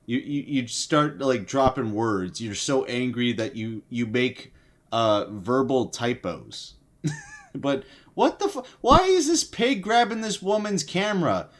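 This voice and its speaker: A man's voice: medium pitch, expressive, a little slow. A sleep-deprived young man hosting a casual livestream, swearing heavily and restarting his sentences as he rambles. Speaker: livestream host.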